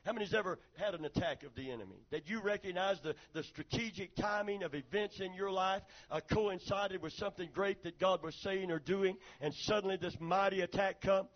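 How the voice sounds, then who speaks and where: High-voiced preaching pastor, dull recording. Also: male voice, a little fast, few pauses. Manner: preaching with call-and-response, reads a story aloud dramatically. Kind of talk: sermon.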